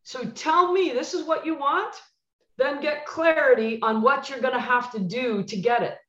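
A woman's voice: sits high, moderate pace, reverberant, highs cut off. A woman who used to coach basketball and now coaches clients, telling stories in a podcast chat and acting out the dialogue with emphatic repeats. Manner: animated, acts out dialogue with emphatic repetition. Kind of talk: podcast conversation, storytelling.

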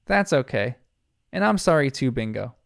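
A man's voice: medium pitch, sing-song, normal speed, vocal fry, no room sound, clean studio sound. A man voicing a bossy, insecure neighbour girl puppy from a cartoon. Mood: pushy.

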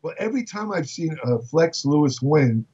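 Older new guy rambling through a story, um and uh a lot, voice kinda high for a man, sounds muffled and far off. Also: very animated, normal speed, mellow, husky. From Brooklyn, New York. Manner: chatty, repeats words, frequent fillers and restarts. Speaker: bodybuilding writer and guest. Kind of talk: casual anecdotal storytelling.

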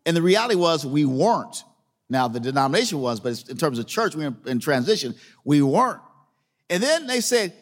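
A man's voice: fairly high pitch, big pitch swings, fairly quick, big-room sound. A man preaching a sermon as a pastor, telling a story in a conversational way and repeating phrases for emphasis.

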